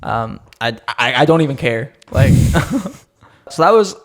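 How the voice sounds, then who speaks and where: A man's voice: mid-range voice, very animated, takes it slowly. Rambling young man telling stories. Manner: rambling storytelling with frequent fillers. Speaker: podcast co-host. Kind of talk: casual chat.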